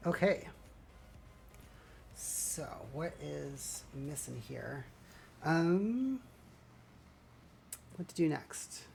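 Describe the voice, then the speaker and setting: Her voice is low and a little mellow, with big pitch swings, drawn-out words and long pauses. She's a woman building LEGO live on stream, chatting loosely and warmly with viewers through a dry, scratchy, slightly gravelly throat.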